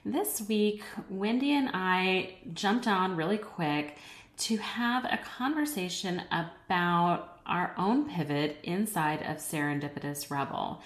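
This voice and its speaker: A woman's voice: on the low side, takes it slowly, echoey room. A woman co-hosting a podcast, upbeat and teasing in casual chat. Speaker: podcast co-host.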